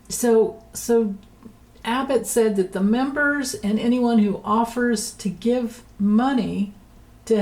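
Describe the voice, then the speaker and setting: Woman tarot reader, rambling chatty delivery, mellow tone, light laughs. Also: medium pitch, low-quality recording. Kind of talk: casual political tarot reading.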